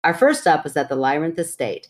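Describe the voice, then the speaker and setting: Low voiced woman on a podcast, chatty and giggly, reads out a listener story. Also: sing-song, a little fast. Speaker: podcast co-host. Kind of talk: casual chat, reading a listener's story.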